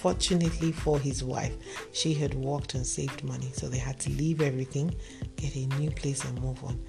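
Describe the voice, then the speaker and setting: Male storyteller, gravelly, earnest moral monologue over clear background music. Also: mid-range voice, fairly even intonation, normal speed. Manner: earnest, direct address to listeners. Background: music playing underneath.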